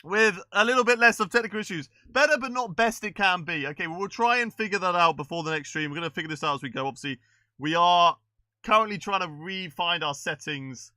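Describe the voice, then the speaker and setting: A man's voice: sits high, fast talker, pushed and bright, dry recording. A man streaming a racing game live, chatting casually with his viewers while he fixes his microphone settings. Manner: chatty, fiddling with settings, checking with chat. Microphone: desk microphone.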